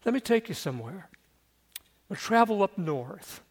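A man's voice: sits high, very animated, moderate pace, husky. A man preaching a sermon, telling a scripture story dramatically and asking his listeners questions. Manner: dramatic storytelling, acting out quotes; conversational, asks the listeners questions. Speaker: pastor.

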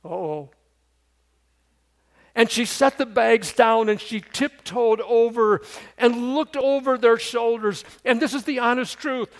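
An older man, a pastor and great-grandfather, preaching a sermon. He moves from loud storytelling to low, hushed pleading. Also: fairly even intonation, unhurried.

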